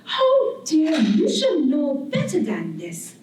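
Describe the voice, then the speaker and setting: A graceful but condescending island personified as a woman scolds sharply from on high, her voice pitched a little up and carried from a distance across a roomy hall, as a woman acts her out. A lilt colours each haughty word. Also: huge pitch swings, slow pace, darkish tone, slight background noise, full character voice. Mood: scolding.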